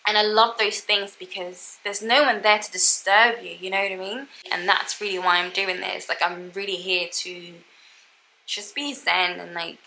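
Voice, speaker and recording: Bright-voiced young woman, chatty vlog. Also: mid-range voice, flat delivery, normal speed, gravelly, low-quality recording. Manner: chatty, says "you know what I mean" and "like" a lot. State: tearful, emotional. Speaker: travel vlogger. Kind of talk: casual reflective chat to camera.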